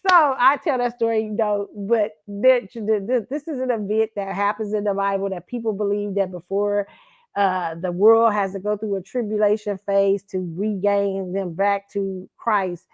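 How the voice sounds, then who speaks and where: A woman of middle pitch hosts a casual commentary stream. She rambles and corrects herself as she talks. Her voice is close to the mic and dry, with no room sound. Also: fairly even intonation, moderate pace, no room sound, lo-fi sound. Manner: rambling, self-correcting, chatty. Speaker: host.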